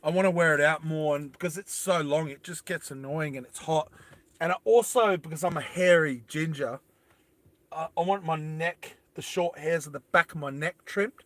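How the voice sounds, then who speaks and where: A man's voice: a little high, moderate pace, a bit bright, no room sound. A man hosting a live stream, chatting casually with viewers and reading their comments in a rambling, self-deprecating way. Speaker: livestream host.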